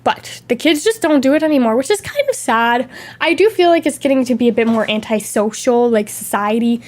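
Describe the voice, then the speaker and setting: A young adult woman streamer, sick with a lingering cough, telling stories in an animated, chatty way. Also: on the high side, fairly quick. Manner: animated, chatty storytelling with acted-out quotes. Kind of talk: casual chat.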